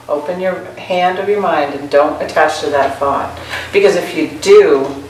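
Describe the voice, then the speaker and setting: A woman's voice: low-pitched, a little slow, a little mellow, a little hiss or hum. Woman giving a Zen talk, echoey far mic. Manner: chatty, laughing often, self-mocking stories. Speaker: Zen teacher. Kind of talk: dharma talk. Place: meditation hall.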